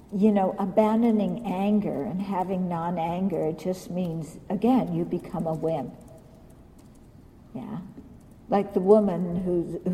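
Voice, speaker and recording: A woman teaching Buddhist ideas at a slow, deliberate pace, blunt and pointed as she questions her listeners. Her voice is dark and mellow, and a long hall reverb trails behind each phrase. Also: lowish voice. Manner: blunt, questioning, acts out quotes. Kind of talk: dharma talk.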